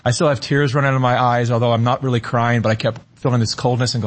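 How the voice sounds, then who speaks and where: A middle-aged man, a guest on a talk show, telling a personal story in an earnest, halting way and repeating words as he searches for them. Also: mid-range voice, level tone.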